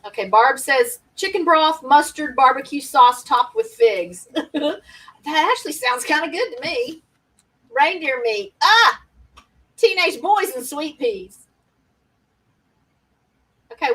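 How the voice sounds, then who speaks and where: Woman, live-stream host, high voice, chatty, reads comments aloud, laughs a lot, a bit far from the mic. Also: fairly bright tone. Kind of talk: casual live-stream game hosting.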